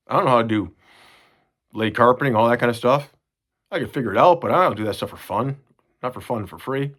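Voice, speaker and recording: Earnest rambling Midwestern dad. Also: male voice, mid-range voice, fairly bright tone. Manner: rambling, earnest, many restarts. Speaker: father recording a message to his kids. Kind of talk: casual spoken reflection.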